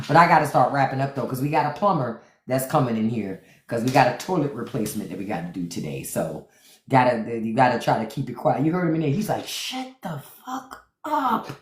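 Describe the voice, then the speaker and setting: A woman hosting a casual livestream from home, telling playful stories with excited outbursts, speaking. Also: a bass voice, a little fast, echoey room, slight background noise. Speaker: livestream host.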